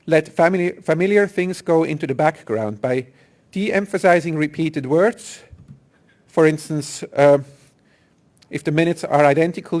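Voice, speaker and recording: A man's voice: fairly high pitch, darkish tone. A man giving a technical conference talk, explaining speech synthesis principles step by step. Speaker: conference presenter. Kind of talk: technical presentation. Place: conference hall.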